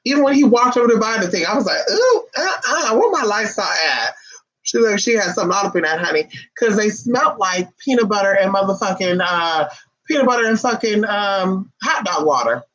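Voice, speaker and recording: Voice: medium pitch, lively intonation, quick pace, a bit bright. A vlogger ranting to camera in a sassy, profane, emphatic way, calling listeners honey and baby. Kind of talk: casual ranting monologue to camera. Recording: dull lo-fi recording.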